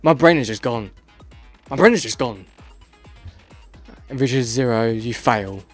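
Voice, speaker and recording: A man's voice: medium pitch, lively intonation, unhurried, faint music behind. A tired man doing casual let's play commentary, exasperated and rambling, swearing as he goes.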